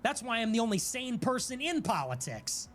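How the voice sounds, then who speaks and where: A man's voice: very high-pitched, sing-song, moderate pace, fairly bright tone, faint music behind. A man from Chicago hosting a political livestream, delivering an indignant, sarcastic monologue. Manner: indignant and sarcastic, rising to defiant outbursts.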